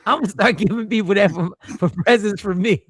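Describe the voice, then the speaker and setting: A man's voice: high voice, fast, husky, no room sound, studio quality. A man hosting a casual livestream, joking loosely and swearing now and then. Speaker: livestream host.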